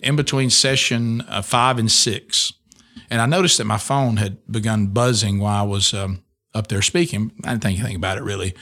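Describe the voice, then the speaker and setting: A man's voice: medium pitch, bright, forceful tone. A middle-aged man, a radio host telling an emotional personal testimony in an earnest way, full of restarts. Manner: earnest storytelling with many restarts.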